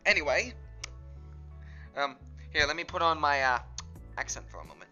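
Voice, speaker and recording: A man chatting casually through a tier list. He rambles, cuts himself off, and giggles along the way, and his voice is very bright and sharp. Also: on the high side, expressive, a little fast, long pauses, soft background music. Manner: rambling, self-interrupting, giggly. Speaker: gaming YouTuber.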